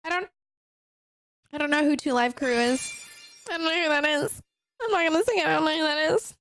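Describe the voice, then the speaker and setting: A woman's voice: sits high, normal speed, a bit bright, slight background noise. A young woman streaming from home, flustered and giggly while she fights a bout of hiccups. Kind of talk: casual livestream chat.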